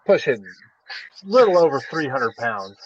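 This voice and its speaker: Lively, joking man on a podcast. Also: medium pitch, unhurried, highs cut off, slight background noise. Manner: teasing, joking banter. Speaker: podcast co-host. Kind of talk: casual chat.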